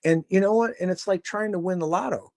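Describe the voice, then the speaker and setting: A man's voice: high voice, a little fast, gravelly, a little mellow, no echo, clean studio sound. Rambling, swearing man telling band stories. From Chicago. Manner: rambling, swears freely, acts out quoted voices. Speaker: podcast guest, musician. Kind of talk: casual storytelling interview.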